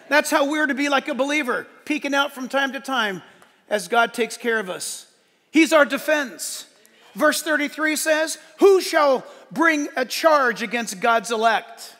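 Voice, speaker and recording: A man as pastor delivering a sermon, animated and emphatic, swinging between shouts and soft asides. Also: very high-pitched, a little slow. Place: church sanctuary. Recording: large hall with long reverb.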